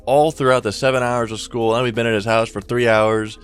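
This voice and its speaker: A man's voice: medium pitch, flat delivery, a little fast, clean tone, soft background music. A young man telling a story in a casual, rambling way, full of slang and swearing. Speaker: YouTuber storyteller.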